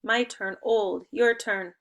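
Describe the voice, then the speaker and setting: A young woman teaching an online spelling lesson to second graders, upbeat and encouraging, giving clear step-by-step instructions. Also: medium pitch, fairly even intonation, slow.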